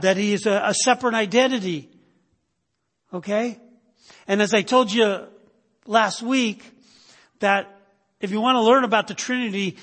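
A man's voice: high voice, fairly bright tone. A man preaching a sermon, emphatic, repeating phrases and checking in with "right?". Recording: long reverb of a hall.

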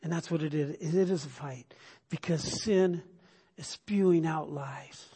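A man's voice: on the high side, measured pace, warm tone, breathy edge. A middle-aged male pastor preaching a conversational sermon, full of restarts and sudden bursts of emphasis. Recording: long hall reverb.

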